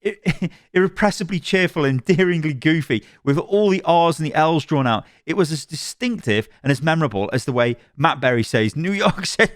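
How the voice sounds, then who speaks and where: A man commenting on games, reacting to a review he reads aloud, animated and rambling, with frequent laughs and restarts. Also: a little high, moderate pace, dry recording, studio quality. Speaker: gaming commentator.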